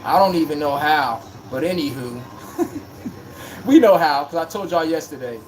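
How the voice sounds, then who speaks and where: A man's voice: a little high, animated, normal speed, a little mellow, slight background noise. A man hosting a live sports stream, talking in a joking, rambling, slangy way. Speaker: livestream sports podcast host. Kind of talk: casual live-stream chat.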